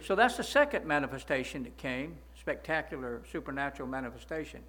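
A man's voice: mid-range voice, sing-song, fast, pushed and bright, slight background noise. A man preaching a sermon, emphatic, often stopping to ask his listeners "right?" and repeating words as he goes.

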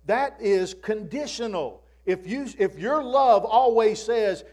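High-voiced male pastor preaching, folksy, keeps asking amen. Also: animated, slow, darkish tone. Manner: preaching with repeated call-and-response "Amen?"; folksy, addresses listeners as "friend". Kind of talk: sermon.

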